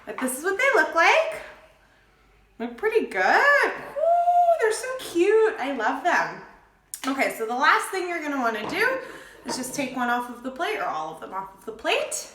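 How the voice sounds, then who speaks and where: A bubbly young woman hosts a cooking lesson for English learners, running it like a cheerful teacher and checking in with "okay?" again and again. Her voice sits high and is very animated and a little fast, with a roomy sound and background noise.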